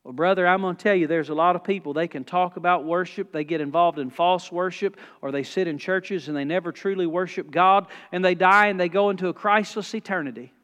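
A man's voice: high-pitched, fairly quick, few pauses, smooth. A man preaching a sermon in a church, folksy and emphatic. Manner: folksy, emphatic, rising to loud exhortation. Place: church sanctuary. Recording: long church reverb.

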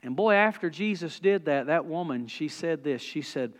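A man's voice: a little high, lively intonation, moderate pace. A man preaching a sermon in a church, folksy and emphatic. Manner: folksy, emphatic, rising to loud exhortation. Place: church sanctuary. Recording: long church reverb.

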